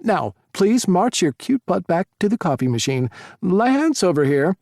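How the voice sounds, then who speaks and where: A man's voice: high voice, sing-song, unhurried, gravelly, a little mellow, no echo, clean studio sound, pitched above the performer's own voice, heavily acted. A man putting on a sassy, showy young showman. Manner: theatrical announcer, teasing.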